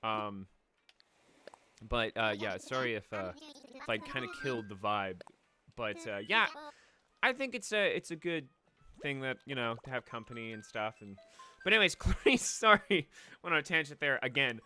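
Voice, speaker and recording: A man's voice: mid-range voice, very animated, normal speed, pauses often, pushed and bright, faint music behind. A young man on a late-night game stream, rambling emotionally about a lost pet, choked up at times. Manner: rambling, emotional, with restarts and swearing.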